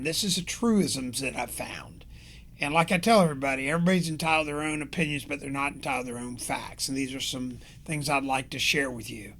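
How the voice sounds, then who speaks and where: Older male podcast host, gravelly voice, passionate rambling rant, casual. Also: on the high side, fairly bright tone. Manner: passionate, conversational, rambling with fillers.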